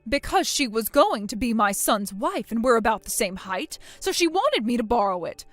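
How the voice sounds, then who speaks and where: Stern, cold middle-aged mother voiced by a woman for a text-message drama; high, lively delivery, dry close sound. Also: moderate pace, no echo, faint music behind. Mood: proud. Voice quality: cold, commanding. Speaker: voice actor.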